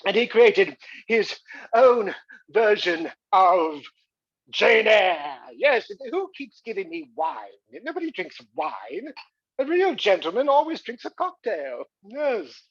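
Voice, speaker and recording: A man's voice: high voice, sing-song, slow, breathy edge, no echo, dull audio, voice pushed up, heavily acted. A man playing a vain, boozy, rakish aging movie star with a put-on English accent and a flippant, posh showman's delivery.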